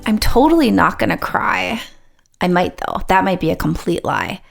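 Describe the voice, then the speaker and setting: A woman co-hosting a podcast in relaxed, casual chat. Her pitch sits in the middle of the range, and she runs animated and heartfelt, laughing often between thoughts. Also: normal speed, vocal fry, soft background music. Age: young adult or middle-aged, a mother. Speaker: podcast co-host.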